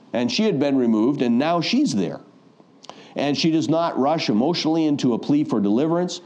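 Male preacher with a mellow voice, telling a Bible story in a sermon and playing out the people in it. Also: mid-range voice. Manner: storytelling, acts out quoted voices.

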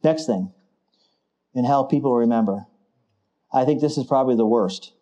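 Male pastor, middle-aged, warm mellow tone, emphatic sermon delivery. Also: medium pitch, moderate pace. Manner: emphatic, rising to forceful declarations. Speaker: preacher.

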